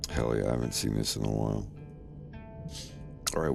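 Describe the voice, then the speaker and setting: A man's voice: rumbling low, very animated, normal speed, gravelly, music in the background. A man streaming and casually commenting with wry, playful remarks while watching videos.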